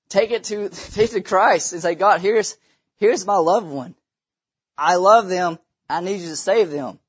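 A man's voice: sits high, slightly rough, dull audio. A man preaching a sermon in a church, impassioned, repeating phrases for emphasis. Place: church sanctuary.

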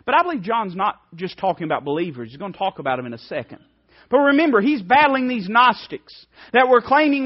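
A male preacher delivering a fervent sermon, swinging between loud emphasis and hushed, soft passages. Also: high voice, very animated, fairly quick, muffled recording.

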